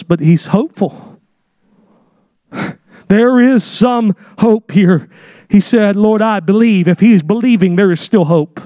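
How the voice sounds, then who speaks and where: High-voiced impassioned male preacher. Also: dry recording, clean studio sound. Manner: impassioned, emphatic preaching that swells into shouts; folksy, direct, with casual slang. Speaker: pastor. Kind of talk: sermon. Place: church sanctuary.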